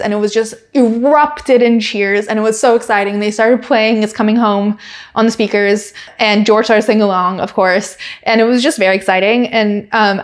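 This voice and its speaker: Chatty woman podcast host. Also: medium pitch. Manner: rambling, many fillers like "like". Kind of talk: casual chat.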